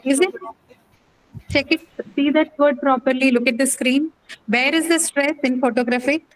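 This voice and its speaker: A woman's voice: high-pitched, fairly even intonation, normal speed, rough recording. A woman teaching English pronunciation in a class, quizzing students patiently with many fillers and questions. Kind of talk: online class lecture.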